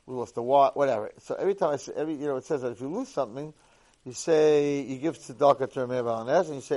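A man giving a Torah lecture who tells a lively first-person story. He acts out the dialogue and swings between hushed and loud delivery. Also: mid-range voice, fast.

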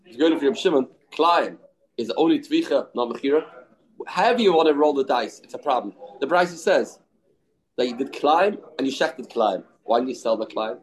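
Male Talmud teacher, mid-pitched, brisk back-and-forth reasoning, Yiddish-laced English. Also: lively intonation, poor audio. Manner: quick back-and-forth argument mixing English with Aramaic and Yiddish terms. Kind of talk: daf yomi Talmud lesson.

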